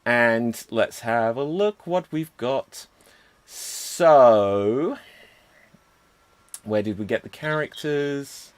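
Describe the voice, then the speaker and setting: A man's voice: mid-range voice, drawn-out words, pauses often, clear, resonant tone, no room sound. A man hosting a streamed improv show, announcing games and reading comments. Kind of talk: livestream hosting.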